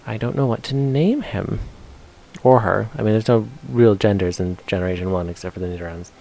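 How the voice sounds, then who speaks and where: A man gives playful, casual commentary while live streaming a video game, now and then reading game text aloud in silly voices. His voice is fairly low, gravelly and dark, and he talks fairly quickly.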